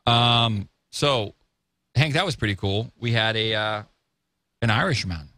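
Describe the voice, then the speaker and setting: A man's voice: fairly low pitch, measured pace, no room sound. A man hosting a casual talk show, joking and telling stories with animation. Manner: jokey, animated storytelling. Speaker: show host. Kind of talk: casual radio-style talk show chat.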